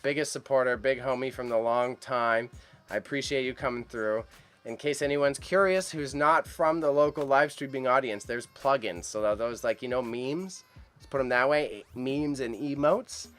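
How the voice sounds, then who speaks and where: Guy live-streaming, hyped and chatty, talking straight to chat with slang, mid-pitch voice, faint music under it. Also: moderate pace, a bit bright. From Canada. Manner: chatty and enthusiastic, speaks straight to chat viewers, uses slang. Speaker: live-stream host reacting to an auction.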